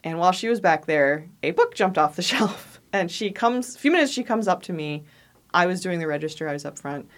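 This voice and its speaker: A woman's voice: fairly low pitch, lively intonation, brisk. Laughing woman telling ghost stories. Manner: laughs often, acts out quoted voices. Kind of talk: casual storytelling chat.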